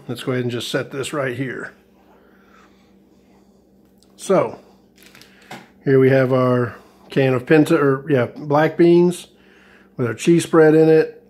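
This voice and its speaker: A man talks through a ration tasting for his regular vlog audience. His pitch stays flat and even throughout, and he rambles along hesitantly, stopping to restart sentences and filling gaps with ums and uhs. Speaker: ration review vlogger. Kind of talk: casual food review vlog.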